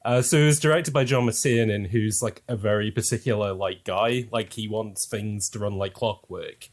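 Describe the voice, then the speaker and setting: A man's voice: on the low side, normal speed. A man hosting a casual podcast chat, chatty and laughing often, with lots of fillers. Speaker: podcast host.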